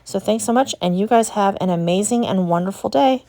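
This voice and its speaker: Talking fairly quickly in a medium-pitched, dark voice, a young adult American vlogger walks through an antique shop. She owns a resale booth and chats and gushes to her viewers along the way.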